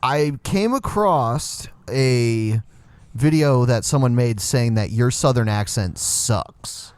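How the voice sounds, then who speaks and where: A man co-hosts a podcast with dry, teasing remarks. His voice sits at a middling pitch, recorded close and dry. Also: lively intonation, slow, smooth, no echo. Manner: dry, teasing, laughs often. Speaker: podcast co-host. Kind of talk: casual chat.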